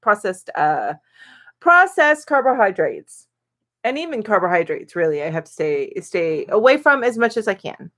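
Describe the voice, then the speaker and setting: A woman's voice: mid-range voice, very animated, normal speed, fairly bright tone. A middle-aged woman hosting a casual live-stream chat, reading viewer comments aloud and chatting about them with lots of ums and little laughs.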